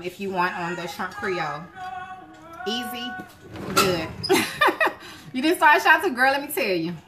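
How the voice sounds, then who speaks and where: A woman hosting a live cooking stream, chatting casually with her viewers and breaking into joyful shouts of praise. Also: fairly low pitch. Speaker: cooking show host. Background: gospel music playing.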